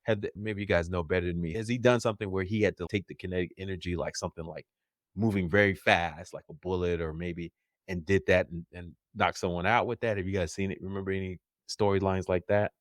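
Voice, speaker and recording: A man co-hosting a casual pop culture podcast, animated and quick to laugh. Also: low voice, dry recording, studio quality. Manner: animated, laughs often, jumps into silly voices. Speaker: podcast co-host.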